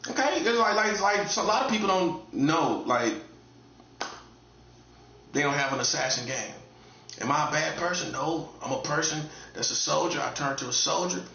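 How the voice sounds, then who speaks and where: High, bright-voiced man in an echoey room. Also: lively intonation, normal speed, vocal fry, a little hiss or hum. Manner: blunt and emphatic, repeats phrases, swings between loud highs and low mutters. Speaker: self-styled prophet. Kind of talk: casual streetwise monologue. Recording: echoey room, dull lo-fi sound.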